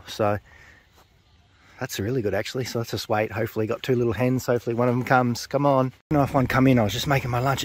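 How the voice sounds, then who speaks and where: A man vlogging his pigeon race day in casual running commentary, who gets loud and excited as birds arrive. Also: mid-range voice, no room sound. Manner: excitable, cheers birds home loudly.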